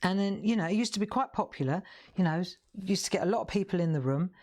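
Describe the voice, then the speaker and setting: Chatty woman crafter, fairly low voice. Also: lively intonation, fast, a little mellow. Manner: rambling, chatty storytelling with laughs. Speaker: craft show host. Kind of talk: casual live-stream chat while colouring.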